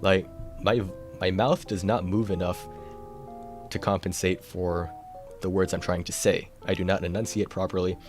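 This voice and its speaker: Deep-voiced tired male streamer. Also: fairly even intonation, normal speed, soft background music. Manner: rambling, self-deprecating, laughs often. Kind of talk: casual live-stream chat.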